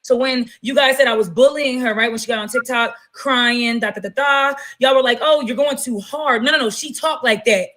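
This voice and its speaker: A woman hosting a gossip podcast, talking in an animated, blunt and profane way. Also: on the high side, moderate pace, hardly any pauses, rough recording. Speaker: podcast host. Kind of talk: casual gossip commentary.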